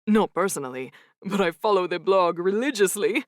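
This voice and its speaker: A woman voicing an excitable middle-aged male hotel manager with a gentle, soft voice and a giggly, eager way of talking. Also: sits high, normal speed, no room sound, clean studio sound. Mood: excited.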